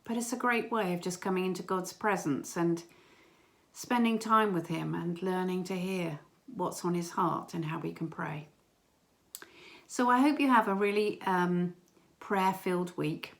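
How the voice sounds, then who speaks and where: A woman giving an informal church talk, earnest and gentle, with small hesitations. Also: lowish voice, measured pace, vocal fry. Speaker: church member sharing a prayer message.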